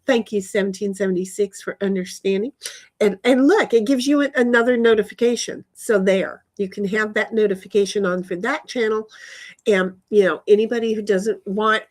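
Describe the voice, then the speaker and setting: A woman's voice: medium pitch, moderate pace. Rambling casual woman streaming from her backyard. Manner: rambling, restarts, swears casually. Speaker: streamer reading chat. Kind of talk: casual live-stream chat. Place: backyard outdoors.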